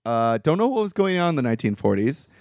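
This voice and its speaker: A man's voice: medium pitch, big pitch swings, fast, darkish tone, no room sound, studio quality. A man hosting a podcast who recaps a movie in casual chat, joking and laughing often. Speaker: podcast host.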